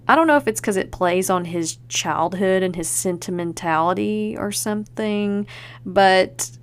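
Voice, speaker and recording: A woman's voice: medium pitch, unhurried, clear, resonant tone. A woman hosting a podcast, chatting casually and enthusiastically and leaning on fillers like "like". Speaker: podcast host.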